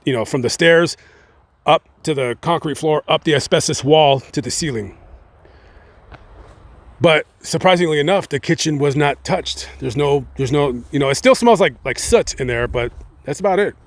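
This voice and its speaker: A man casually telling a true-crime story, rambling with slang, fillers and joking asides. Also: a little high. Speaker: host.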